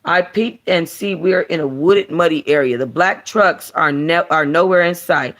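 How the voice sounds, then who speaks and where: A woman hosting a book club, reading a novel aloud and then chatting casually in an animated, slangy way. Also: lowish voice, normal speed. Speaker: book club host and reader.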